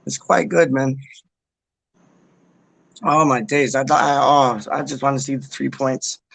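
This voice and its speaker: A man's voice: medium pitch, fairly even intonation, measured pace, creaky, fairly bright tone, no room sound. A man hosting a casual livestream, rambling and repeating himself as he reads out comments and swears in passing. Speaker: livestream host. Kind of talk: casual chat reading viewer comments.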